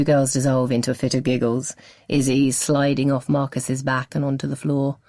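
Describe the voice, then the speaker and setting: A woman narrating a novel as an audiobook, with expressive storytelling. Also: very deep voice, normal speed, no room sound, studio quality.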